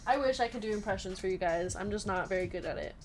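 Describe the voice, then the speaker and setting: A woman's voice: medium pitch, quick pace, faint music behind. A woman hosting a live trading card break, chatty and giggly, calling out the cards she pulls and reading comments from the chat. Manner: giggly, laughs often between card calls.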